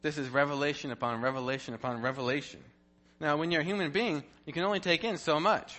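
A man giving a devotional Bible teaching, animated and playful, full of rhetorical questions and jokes. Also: on the high side, quick pace.

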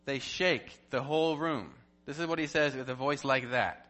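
A man giving a devotional Bible teaching, animated and playful, full of rhetorical questions and jokes. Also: mid-range voice, moderate pace, few pauses.

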